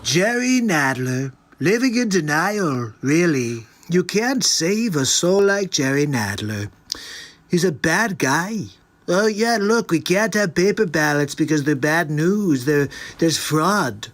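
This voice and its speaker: A man's voice: on the high side, expressive, fairly bright tone, voice pushed up. A man doing a comedic impression of a brash older male politician who mocks opponents with insulting nicknames. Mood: mocking. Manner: mocking, insulting nicknames, slow deliberate delivery.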